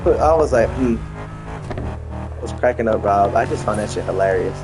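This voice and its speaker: A man casually chatting while playing a game, telling a story in an animated way and laughing often. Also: fairly low pitch, normal speed, music in the background. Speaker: gaming streamer. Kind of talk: casual chat while gaming.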